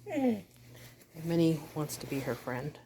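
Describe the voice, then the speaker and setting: Woman pet owner, low voice, chatty home video on a phone, faint room noise. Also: sing-song, measured pace, mellow. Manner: chatty, talks to her dog in a soothing pet voice. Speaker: pet owner filming her dog and cat. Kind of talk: casual home video narration. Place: home on a rainy day.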